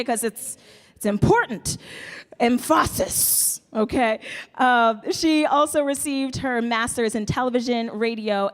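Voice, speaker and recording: A woman's voice: a little high, in a large hall. A woman hosting a live open mic, chatty and teasing, on a handheld stage mic. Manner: playful, chatty, teasing the crowd. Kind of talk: casual stage banter and introductions. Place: live indoor stage before an audience.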